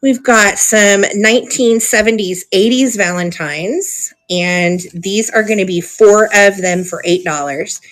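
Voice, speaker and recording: A woman's voice: mid-range voice, unhurried, fairly bright tone. A woman hosting a live online auction stream, chatty and gushing, with frequent ums as she shows items. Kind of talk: live sale stream chat.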